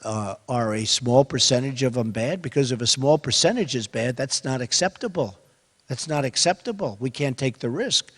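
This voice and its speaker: An older man in his seventies giving a campaign speech at a rally event, repetitive and emphatic, swinging between quiet asides and loud bursts. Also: mid-range voice, animated, moderate pace, breathy edge. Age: 70s. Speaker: candidate speaking at a rally event. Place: large hall with an audience. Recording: echoey hall with crowd behind.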